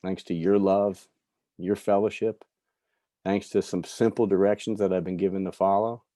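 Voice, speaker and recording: A middle-aged man from New York giving a candid personal recovery talk, telling stories with soft asides. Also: low voice, little pitch movement, normal speed, no room sound. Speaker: recovery speaker.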